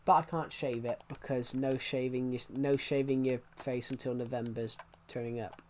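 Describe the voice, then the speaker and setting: A man's voice: medium pitch, steady tone, normal speed, darkish tone, a little hiss or hum. A young man chatting casually on a live stream, rambling with many restarts and laughing at his own jokes. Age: young adult.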